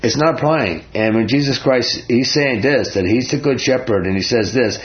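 A man's voice: mid-range voice, normal speed, highs cut off. A man leading an informal Bible study, talking earnestly and conversationally and putting questions to his listeners. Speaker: Bible teacher.

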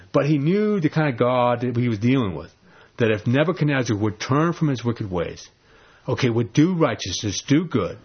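A man preaching a sermon, telling a story with animated energy and laughing as he gets excited. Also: mid-range voice, husky. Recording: dull lo-fi recording.

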